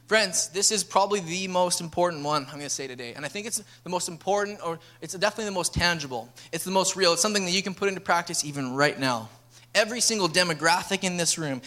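Young male pastor, earnest sermon delivery, bright forceful voice. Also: sits high. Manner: earnest, building to emphatic appeals.

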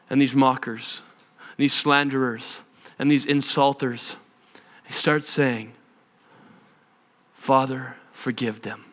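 A male pastor preaching a sermon in an animated storytelling manner, repeating phrases for emphasis. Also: medium pitch. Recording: long hall reverb.

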